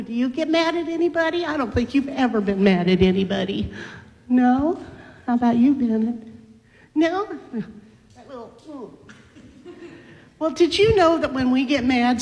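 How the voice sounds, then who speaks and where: A pastor reading scripture, then gently coaxing children with many tag questions during a children's sermon in a church. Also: mid-range voice. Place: church sanctuary. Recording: long church reverb.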